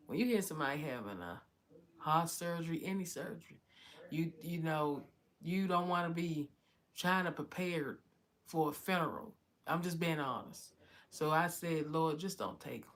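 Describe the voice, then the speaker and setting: A woman's voice: deep voice, moderate pace. A woman giving a heartfelt personal testimony, often repeating "you know". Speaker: vlogger telling her story.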